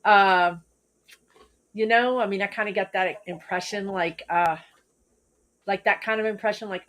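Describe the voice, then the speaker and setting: Soft-spoken emotional woman medium. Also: medium pitch, fairly even intonation, measured pace, pauses often. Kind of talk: spiritual reading on a talk show.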